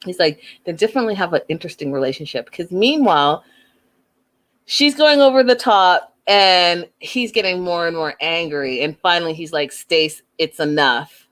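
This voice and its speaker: A woman hosting a casual reality TV recap, chatty and animated, acting out the people she quotes. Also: fairly low pitch, normal speed. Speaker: show recap host.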